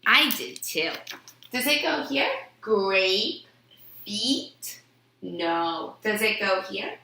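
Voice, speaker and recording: A woman's voice: medium pitch, animated, drawn-out words, gravelly, pushed and bright, roomy sound. A woman teaching a phonics lesson to young children, stretching out words and sounds and answering her own questions in a sing-song way.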